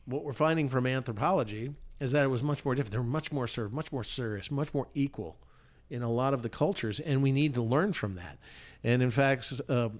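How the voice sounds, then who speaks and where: A man co-hosting a podcast, delivering a blunt, fiery political rant full of profanity. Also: medium pitch. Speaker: podcast co-host.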